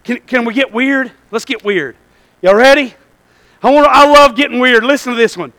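A man preaching a sermon in a church, calling "Amen?" to the congregation and swinging between shouted points and quiet asides. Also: very high voice, moderate pace. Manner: call-and-response, asking "Amen?". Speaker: pastor.

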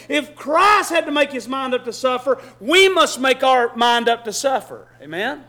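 A man preaching a sermon in church, swinging from loud shouting to soft low asides, with many repeats and restarts. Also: expressive, moderate pace, few pauses. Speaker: pastor. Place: church hall with congregation.

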